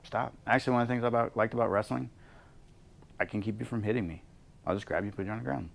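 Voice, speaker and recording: A man leading a leadership workshop as coach, animated and acting out both sides of the conversations he describes. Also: fairly low pitch, fast, vocal fry. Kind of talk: interactive workshop teaching.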